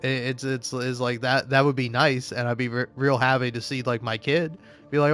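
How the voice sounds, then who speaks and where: A man streaming and chatting casually, rambling with lots of profanity and stumbling restarts, breaking into high-pitched rants. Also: fairly even intonation, normal speed, fairly bright tone. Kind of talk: casual chat while gaming.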